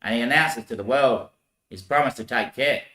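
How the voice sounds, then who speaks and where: A man's voice: medium pitch, normal speed, sharp tone. Rambling man in an echoey room. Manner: rambling, laughs often, swears. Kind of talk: rambling monologue.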